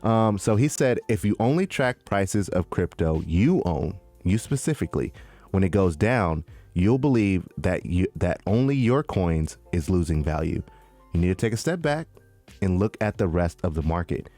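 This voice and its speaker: A man co-hosting a casual crypto podcast, animated and slangy, calling people "man" and "dude". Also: sits low, moderate pace, soft background music. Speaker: podcast co-host. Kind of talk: casual chat.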